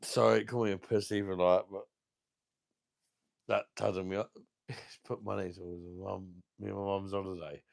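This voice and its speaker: A deep, gravelly young man chats loosely on a live stream for his beer channel. He swears a lot and turns emotional, speaking to viewers in a dry, close-up recording. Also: flat delivery, normal speed, long pauses, darkish tone, no room sound. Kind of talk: casual live stream chat.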